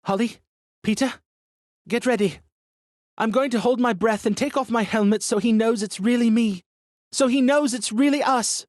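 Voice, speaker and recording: A male narrator playing a determined young woman speaks in a raised, lifted voice, urgent and steady. Her lines sit close and dry, with no room around them. It is an audiobook character voice. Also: on the high side, normal speed, no room sound, pitched above the performer's own voice, lightly acted. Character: brave, determined young woman under pressure.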